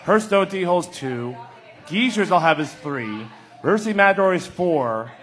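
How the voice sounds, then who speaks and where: A man's voice: high voice, expressive, moderate pace, fairly bright tone. A man hosting a casual podcast chat, teasing the others and steering the talk. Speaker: podcast host.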